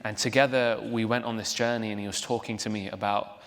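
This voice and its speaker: A man's voice: on the low side, level tone, a little fast, hardly any pauses, fairly bright tone. Young man, chatty, in a reverberant hall. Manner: chatty, laughing, self-deprecating, with restarts. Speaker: actor guest. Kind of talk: onstage interview. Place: large theater hall, live audience.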